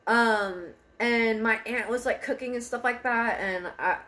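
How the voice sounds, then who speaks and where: Sitting in a parked car, a young woman vlogger tells a personal story candidly, laughing a lot and swearing freely. Her voice is fairly high with a sharp tone, and she speaks at a measured pace.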